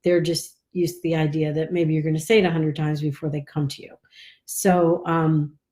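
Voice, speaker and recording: Lowish-voiced lady trainer rambling on a live vid, lots of ums. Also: level tone, normal speed, dark tone. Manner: chatty, loose and rambling with fillers. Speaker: dog trainer. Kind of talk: casual live video tip.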